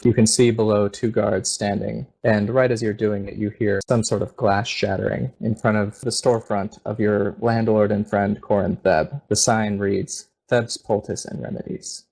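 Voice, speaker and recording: A man narrating a tabletop game as game master, steady and descriptive. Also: on the low side, rough recording.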